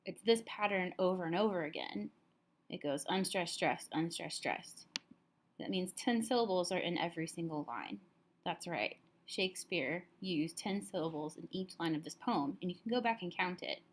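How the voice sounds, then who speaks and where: A woman teacher calmly walking students through a recorded lesson, explaining step by step, a little tired. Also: fairly low pitch, normal speed, slight background noise.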